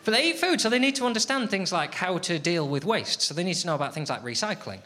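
A man's voice: high-pitched, very animated, fast talker. A man performing a stand-up comedy routine, slipping into an exaggerated sing-song voice when he mimics how he talks to his housemates. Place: comedy venue with a laughing audience. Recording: live comedy club recording with loud audience laughter. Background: loud audience laughter.

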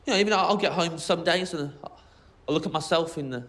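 A man doing a stand-up comedy set, mock-exasperated and animated, sometimes shouting out his bits. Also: a little high, fairly quick, a little hiss or hum. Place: comedy venue with a live audience. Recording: echoey room with loud audience laughter.

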